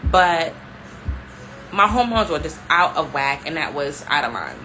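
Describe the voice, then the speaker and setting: A young adult woman telling a story to her viewers in a casual, animated way, filling her talk with "like" and calling them y'all. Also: low-pitched, measured pace, soft background music, low-quality recording. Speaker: vlogger.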